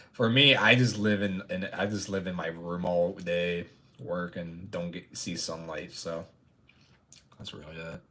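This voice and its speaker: A man's voice: low voice, sharp tone. A young man chatting casually on a livestream. He rambles, stammers through restarts and laughs often. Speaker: streamer.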